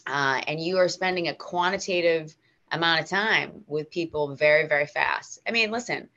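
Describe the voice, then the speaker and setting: An American woman with a low, bright, forceful voice tells stories as a guest in a casual interview. She talks in an animated, emotional way, often restarting her sentences. The recording is a bit dull and lo-fi. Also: moderate pace. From United States. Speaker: guest actor.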